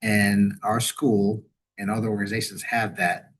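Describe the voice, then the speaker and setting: Husky-voiced man, rambling and restarting. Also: fairly low pitch, normal speed. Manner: rambling, restarts and repeats words, animated when quoting. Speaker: university veterans director, webinar guest. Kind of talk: conversational webinar interview.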